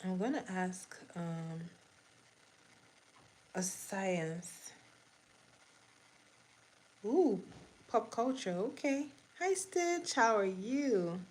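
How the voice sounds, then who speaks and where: Doing her makeup on a casual livestream, this woman hosts trivia, says hello to viewers, and reads each question twice. Her mid-range voice is expressive and darkish, her pace slow, and she laughs readily. It's a rough recording with slight background noise.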